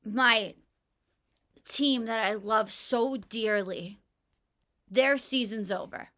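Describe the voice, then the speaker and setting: A woman's voice: on the high side, slow pace, pushed and bright. A young woman co-hosting a casual podcast chat, giggly and opinionated with a playful manner. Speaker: podcast co-host.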